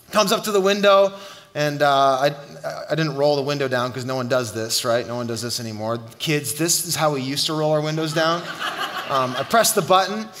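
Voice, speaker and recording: High, bright-voiced pastor preaching. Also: male voice. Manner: animated storytelling, shouting at the climax. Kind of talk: sermon. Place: church hall. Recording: long hall reverb.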